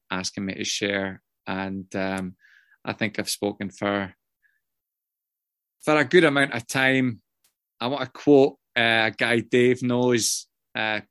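A man's voice: on the low side, a bit bright, smooth, no echo. A man sharing his story at a meeting, rambling and self-mocking, swearing freely with many ums and uhs, heard over a video call. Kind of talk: casual personal share.

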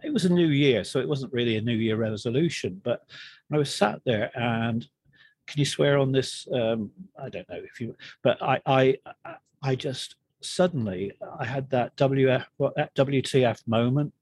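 A middle-aged man, frankly and haltingly telling his own recovery story as a guest in an interview. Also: medium pitch, darkish tone, slightly rough. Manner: frank, halting and self-deprecating. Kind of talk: candid personal storytelling.

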